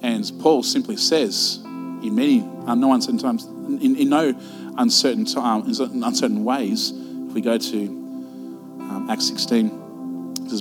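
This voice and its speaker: A man's voice: mid-range voice, unhurried, over music. A man preaching a sermon to a church, impassioned, repeating rhetorical questions. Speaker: pastor. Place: church service.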